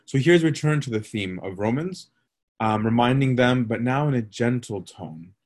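A male priest teaching on a scripture passage in a relaxed, conversational way, reading verses aloud and often checking in with "right?". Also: on the low side. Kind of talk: scripture study talk.

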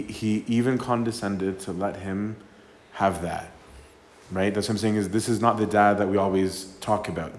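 A male priest delivers a casual, conversational talk in a lowish voice, checking in with "right?" and voicing the people in his stories. The room is echoey, with a faint hum of ambience behind him. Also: darkish tone. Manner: conversational, keeps asking "right?", acts out quotes. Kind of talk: informal sermon talk.

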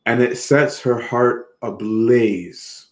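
A man's voice: medium pitch, reverberant. A man giving an earnest, reflective sermon, repeating words as he goes. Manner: earnest, reflective, slow with repetitions. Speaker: preacher.

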